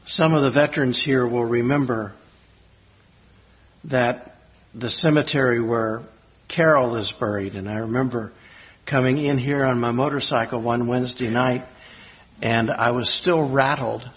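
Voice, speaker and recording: Pastor man, reflective halting storyteller. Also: mid-range voice, steady tone. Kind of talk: sermon with personal storytelling. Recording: slightly dull lo-fi recording.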